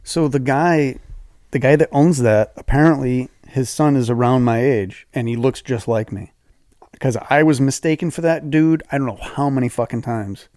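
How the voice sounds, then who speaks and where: A man's voice: medium pitch, moderate pace, a little mellow, no echo, clean studio sound. A man in his forties from southeastern Massachusetts, co-hosting a podcast and telling stories in a loose, casual way with some swearing. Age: 40s. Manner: loose, profane storytelling. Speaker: podcast co-host. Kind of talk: casual chat.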